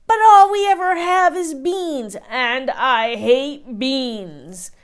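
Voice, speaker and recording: A woman's voice: sits high, very animated, slow pace, pitched above the performer's own voice, full character voice. A woman doing a grumpy complaining giant. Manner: grumbling and loud complaining. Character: grumpy male giant, sick of beans.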